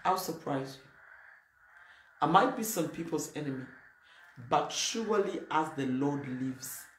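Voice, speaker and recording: A woman's voice: low-pitched, lively intonation, a little slow. A woman pastor preaching a sermon in a blunt, emphatic, plain-spoken way. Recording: roomy echo, faint noise.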